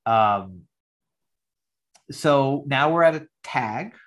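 A man hosting a podcast over a video call, recapping an old sitcom episode in a measured way and reading its lines aloud. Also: mid-range voice, animated, fairly bright tone. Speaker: podcast host. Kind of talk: casual chat recapping an episode.

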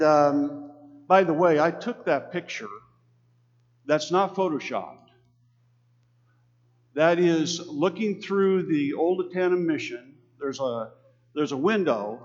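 A man from Texas preaches a sermon in a slightly high voice, earnest and conversational. He calls on the congregation to repeat lines after him. The recording sounds dull and lo-fi. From Texas, USA.

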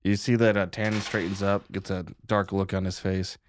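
A man narrating a tabletop role-playing game as game master, in a relaxed, joking manner. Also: sits low, moderate pace, a little hiss or hum.

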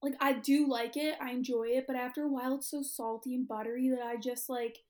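A woman's voice: high-pitched, fairly even intonation, brisk, a little mellow. A young woman co-hosting a podcast in casual chat, rambling with lots of fillers while eating. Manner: chatty, filler-heavy, laughs often. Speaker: podcast co-host.

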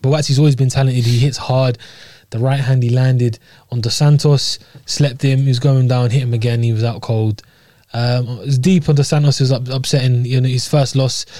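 Relaxed man in casual sports chat. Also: mid-range voice, normal speed, hardly any pauses, no echo, studio quality. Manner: relaxed, rambling, many fillers. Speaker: podcast co-host.

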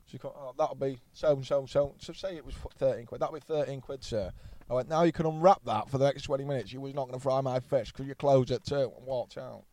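A man's voice: mid-range voice, quick pace, few pauses, mellow, dry recording. Man in his thirties, podcast guest, rambling and sweary, dry close sound. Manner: blunt, swears freely, rambling anecdotes. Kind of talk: casual storytelling chat.

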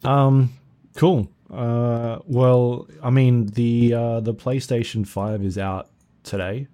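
A man co-hosting a gaming podcast, chatting in a relaxed, hesitant way. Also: mid-range voice, slow pace. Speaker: podcast co-host. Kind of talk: casual chat.

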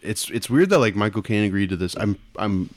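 A man's voice: fairly low pitch, animated, brisk, no room sound. A man co-hosting a casual group chat, rambling with many fillers and restarts. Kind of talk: casual group chat about video games.

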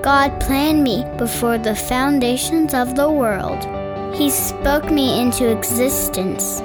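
A woman's voice: sits high, slow, over loud music. A girl earnestly reciting affirmations in an ad.

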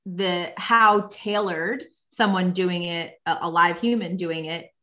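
A woman's voice: lowish voice, steady tone, takes it slowly, pushed and bright. Enthusiastic woman hosting a podcast. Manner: enthusiastic, thinking aloud with many restarts. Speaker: podcast host. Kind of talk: casual interview conversation.

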